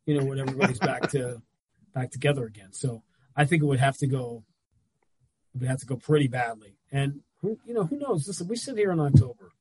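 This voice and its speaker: A man, a radio play-by-play announcer, talking sports as a guest on a video call, telling animated stories with quick asides. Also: medium pitch, husky, low-quality recording. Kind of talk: casual sports talk over video call.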